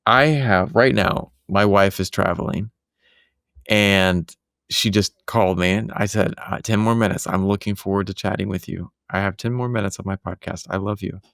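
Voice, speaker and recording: A man with a low, gravelly voice tells earnest, reflective stories in a relaxed podcast chat. He is recorded dry and close, with no room sound behind him. He speaks from his home office. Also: moderate pace, no room sound. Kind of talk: casual podcast conversation.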